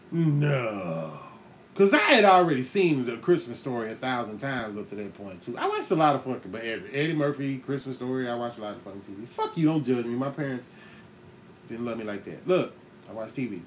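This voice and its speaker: Give me a profane man hosting a podcast, telling a comic story with lots of laughs, pitch bouncing all over. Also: quick pace, a little hiss or hum. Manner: profane, animated, laughs often, acts out voices. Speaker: podcast host. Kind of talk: comedic storytelling monologue.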